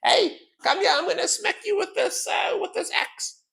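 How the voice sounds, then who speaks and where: A man doing a shrill axe-wielding woman survivor. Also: moderate pace, vocal fry, full character voice. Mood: furious. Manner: shrill, shouting threats. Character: fierce young woman survivor swinging an axe.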